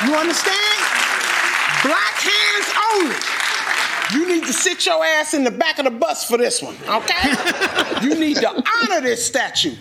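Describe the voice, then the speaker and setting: A woman delivering a loud, laughing comic rant with swearing, played as a clip. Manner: loud, laughing, swearing, big swoops in pitch. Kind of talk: stand-up style comic rant. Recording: clip with loud crowd and noise. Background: loud crowd laughter.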